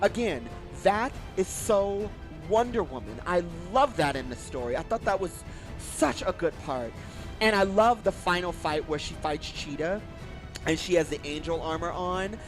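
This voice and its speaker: A man with a high, light voice talks through a film he loves, gushing and enthusiastic and swearing freely. He acts out lines from the film in a casual, excited way. Faint music plays underneath. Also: moderate pace. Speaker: YouTube movie reviewer. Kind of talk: excited casual movie review.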